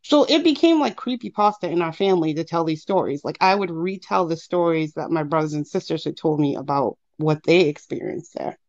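A woman's voice: low voice, fairly quick, few pauses. A woman in her thirties calling in, telling a personal story casually with lots of fillers and acted-out quotes. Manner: animated, acts out quotes, many fillers. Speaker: caller. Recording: muffled lo-fi call audio.

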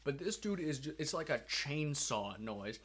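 Young man, animated profane storyteller. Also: on the high side, a little slow, slightly rough. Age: young adult. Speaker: podcast co-host. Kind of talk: casual chat, storytelling.

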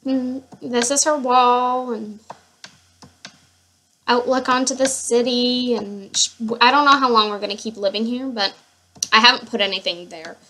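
A woman with a rather high, bright, forceful voice speaks a little slowly with fairly even intonation, over slight background noise. She's a gamer showing off her household, gushing and rambling through casual commentary packed with fillers.

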